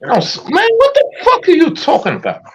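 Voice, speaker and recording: A man's voice: very high-pitched, huge pitch swings, fast talker, a bit bright, slight background noise. A man giving heated, profane casual commentary while reacting to a video, repeatedly incredulous. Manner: heated, incredulous, swears a lot.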